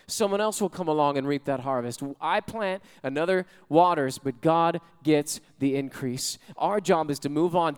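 High-voiced, resonant preaching pastor. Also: male voice, smooth, in a large hall. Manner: builds to shouting, then quiet prayer. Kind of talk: sermon.

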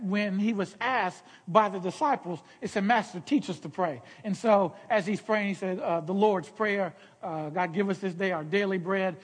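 A man's voice: high voice, a bit bright, husky, in a large hall. A man preaching a sermon as pastor, talking conversationally and checking in with "okay?" as he repeats key points.

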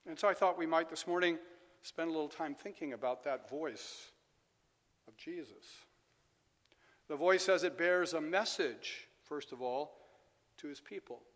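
A male preacher delivering a measured sermon in a church, letting key phrases fall soft and repeating them for emphasis. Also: a little high. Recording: long reverb of a large hall.

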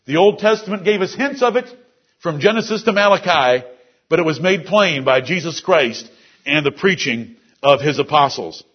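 A male preacher with a high, slightly husky voice delivers an expository sermon to his congregation. He walks through scripture word by word, explaining the grammar of each verse. The recording sounds dull and lo-fi. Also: lively intonation, normal speed. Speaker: pastor. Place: church service.

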